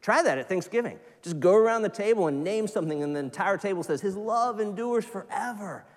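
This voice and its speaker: A man preaching a sermon to his congregation, animated, sometimes putting on excited voices. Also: high-pitched, quick pace. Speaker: pastor. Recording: church hall reverb.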